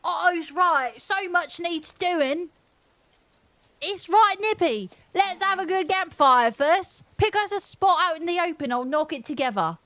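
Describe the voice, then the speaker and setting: A woman's voice: very high-pitched, lively intonation, measured pace, fairly bright tone, dry recording, pitched above the performer's own voice, exaggerated voice. A woman voicing a cheery, bossy male villager in a put-on Cockney accent while reading game dialogue aloud. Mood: chirpy.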